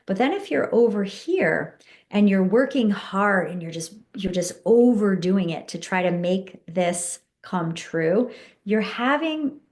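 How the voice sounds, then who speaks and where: A woman guest on a podcast, an empowerment coach calmly walking listeners through a tapping exercise and speaking affirmations. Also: medium pitch, slow pace. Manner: calm, instructive, soothing affirmations.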